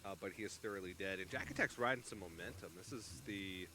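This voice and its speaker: A man's voice: sits low, quick pace, bright, forceful tone, slight background noise. A man co-casting a card game tournament, analytical with dry jokes. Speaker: esports caster. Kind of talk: live esports commentary.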